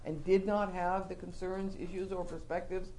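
A woman preaching a sermon in an animated storytelling manner, acting out the scenes she describes. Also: on the low side, moderate pace, slight background noise.

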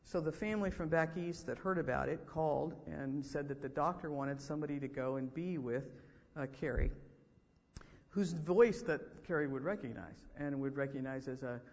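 A man giving a sermon as a school chapel speaker, telling stories in an animated way and acting out what people said. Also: on the high side, normal speed. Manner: animated storytelling with acted-out quotes. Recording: dull lo-fi hall recording.

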